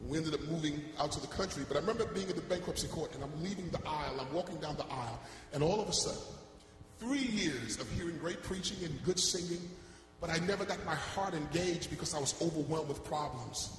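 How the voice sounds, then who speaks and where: Preacher, man, high voice, passionate storyteller, church hall echo. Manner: passionate storytelling, swinging from soft to loud. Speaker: gospel singer giving testimony. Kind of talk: sermon testimony. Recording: echoey church hall, faint hum.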